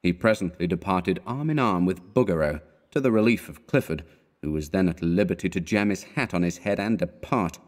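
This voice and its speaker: In a low voice, a male audiobook narrator reads a classic short story aloud, taking a slow, careful storytelling approach.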